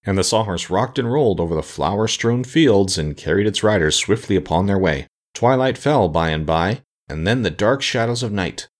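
Man, audiobook narration, low voice, lively intonation. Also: moderate pace, hardly any pauses. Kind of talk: scripted narration.

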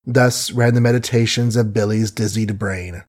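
A man narrating a novel in an even, unhurried literary reading. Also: lowish voice. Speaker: audiobook narrator. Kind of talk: scripted narration.

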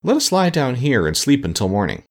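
A man's voice: medium pitch, wildly swooping pitch, a little fast, pitched above the performer's own voice. A man voicing a polite, eager young boy in a storybook reading, in an earnest manner.

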